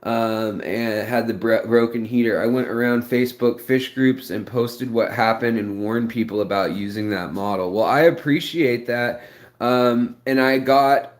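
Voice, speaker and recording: A man's voice: mid-range voice, a little slow. A man hosting a live stream, answering viewers in a rambling, explanatory way with many fillers. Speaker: aquarium channel host.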